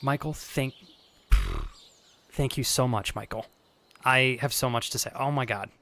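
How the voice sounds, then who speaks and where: A male streamer, choked up and close to tears, thanking his viewers in halting, stammering bursts. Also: mid-range voice, sharp tone. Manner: halting, restarting, stammering with emotion. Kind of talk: emotional live-stream thank-you to chat.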